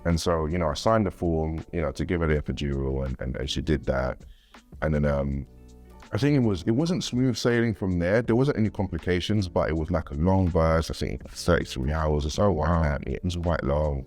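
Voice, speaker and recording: This guest father has a very deep voice and keeps a moderate pace, with faint music in the background. His interview talk is casual and rambling, full of repeated words, and he livens up whenever he quotes someone else.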